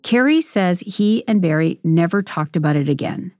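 Woman host for scripted documentary narration, low voice, dry close sound, measured and serious. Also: animated, a little mellow, no echo, faint music behind.

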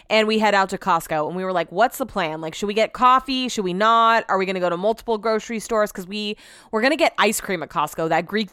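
A young woman hosting a podcast, telling a story in a chatty, animated way and acting out everyone's lines. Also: mid-range voice, smooth, no echo, clean studio sound. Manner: chatty, animated, quotes herself and others; laughs while telling the story. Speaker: podcast host. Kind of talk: casual storytelling chat.

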